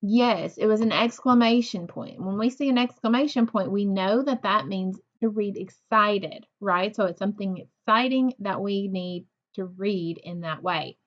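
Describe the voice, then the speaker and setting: A woman teaching a recorded reading lesson to young children, speaking slowly and patiently, praising and asking questions of pupils who aren't there. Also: mid-range voice, muffled recording. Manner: slow, patient, encouraging, asks questions to unseen pupils.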